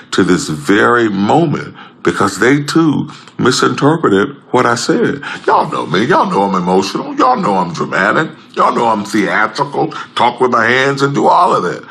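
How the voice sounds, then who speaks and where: A man delivers an impassioned public address with a gravelly, breathy edge, speaking emphatically and repetitively as he swings between loud outbursts and low tones.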